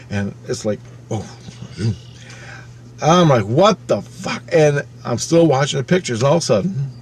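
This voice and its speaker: A man casually telling a personal story, swearing freely and acting out his own panicked thoughts with sudden swings between loud and quiet. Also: medium pitch, slight background noise. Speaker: channel host recounting a personal experience.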